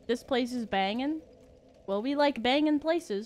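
Woman game streamer: high-pitched, playful and giggly, easygoing and slow. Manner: giggly, playful, chats with viewers. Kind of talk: casual gaming commentary.

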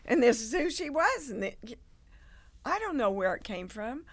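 A woman, a guest on an interview show, telling stories in an animated way and acting out the people in them. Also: on the high side, moderate pace. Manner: animated, acts out quoted people. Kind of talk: casual interview storytelling.

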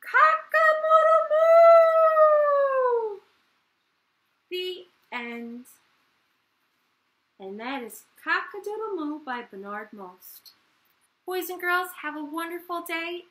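A woman's voice: high voice, lively intonation, measured pace, sharp tone. A woman reading a picture book aloud to children for a library storytime, playful and inviting the kids to join in.

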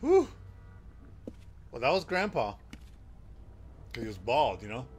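A man giving live commentary while playing a horror game, excitable and exclaiming and swearing at the scares. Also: medium pitch, measured pace, husky. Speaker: game streamer.

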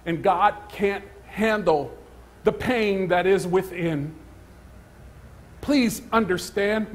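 A man preaching a sermon as pastor, swinging from hushed, near-whispered phrases to loud, emphatic calls. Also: high voice. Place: church sanctuary.

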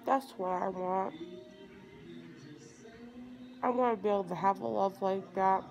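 A woman's voice: mid-range voice, measured pace, gravelly, a little mellow, faint music behind, poor audio. A teenage girl rambling groggily into her phone at home after surgery. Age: teens. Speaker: vlogger. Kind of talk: rambling selfie vlog. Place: home, indoors. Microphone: phone at arm's length.

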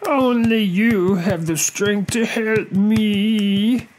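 Storybook crocodile, male, shrill and drawn-out, pleading, voiced by the narrator. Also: fairly even intonation, darkish tone, a little hiss or hum. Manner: drawn-out slow pleading cries. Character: whining high-pitched male crocodile, pained then pleading.

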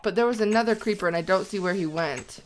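A woman chatting casually while playing a video game with a friend, animated and prone to shrieks when startled. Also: medium pitch, fast talker, slight background noise. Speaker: co-host of a gaming let's play. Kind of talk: casual gameplay chat.

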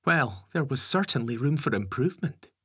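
A man voicing a caring, gently firm mother with dry wit in an audiobook. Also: mid-range voice, animated, moderate pace, breathy edge, no echo, voice pushed up. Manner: soothing, teasing. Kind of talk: audiobook character voice.

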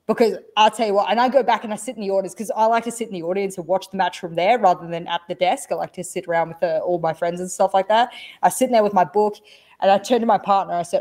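A woman guest tells a story in casual podcast chat. She is animated and swears freely, acting out the lines of the people in her story. Her voice sits at an ordinary middle pitch. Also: quick pace. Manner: animated, swearing, acts out quotes. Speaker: guest, esports desk analyst.

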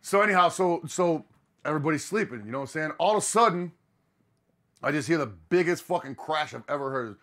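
Profane, animated man telling a road story. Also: fairly high pitch, fairly quick. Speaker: podcast host. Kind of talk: casual storytelling chat.

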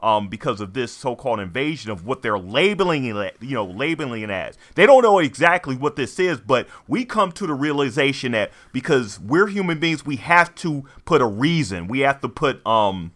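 A podcast co-host chats casually in a mid-range, slightly bright voice with big pitch swings. He talks at a normal speed with few pauses, rambling along with lots of fillers and restarts.

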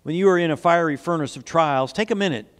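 A man's voice: fairly high pitch, fast talker. A man preaching a sermon as pastor, telling stories earnestly and asking the congregation questions. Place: church sanctuary. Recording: long hall reverb.

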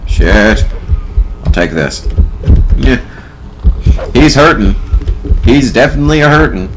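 A young man giving casual, profane gameplay commentary, sarcastic and prone to loud outbursts. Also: medium pitch, big pitch swings, slow pace, noisy background. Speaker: let's play commentator.

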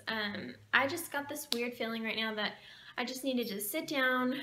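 A woman's voice: on the high side, bright, forceful tone. A young woman vlogger talking earnestly and emotionally to her viewers, preaching forgiveness in a heartfelt way. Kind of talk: heartfelt talk to camera. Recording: echoey room with faint background noise.

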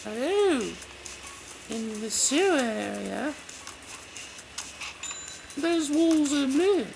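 A woman muses aloud through her game in a slow, unhurried way, her pitch high and bouncing around a lot. Her chatty self-talk sits over a steady bed of background noise. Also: vocal fry. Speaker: gameplay video host. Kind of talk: let's play commentary. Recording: noisy home recording.

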